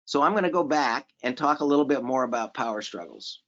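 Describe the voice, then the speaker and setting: A man presenting a seminar in a relaxed, conversational way, repeating phrases for emphasis and asking the audience questions. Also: mid-range voice, a little fast. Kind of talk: conversational lecture. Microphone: remote conference audio. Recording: slightly dull audio from a virtual conference.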